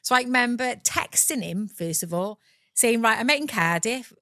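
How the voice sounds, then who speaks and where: A woman's voice: a little high, animated, moderate pace, sharp tone, no room sound, clean studio sound. Blunt South Welsh woman telling her story. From Wales. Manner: blunt, swears freely, acts out voices in her story. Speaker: guest. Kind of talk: candid personal storytelling.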